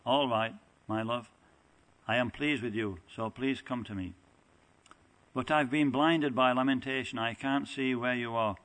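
A man's voice: medium pitch, measured pace, fairly bright tone, lightly acted, rough recording. A man reading aloud the part of a desperate, lovesick young goddess, earnestly and plainly from a scripture text. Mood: pleading.

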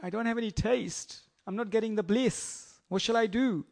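A man voicing a young boy who is obedient but bored, speaking with sighing, drawn-out complaints. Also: high voice, creaky, darkish tone, pitched above the performer's own voice.

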